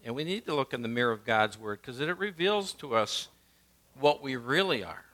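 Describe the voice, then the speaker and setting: A male pastor, preaching a sermon and swinging from emphatic lines to hushed ones. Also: medium pitch, lively intonation, moderate pace.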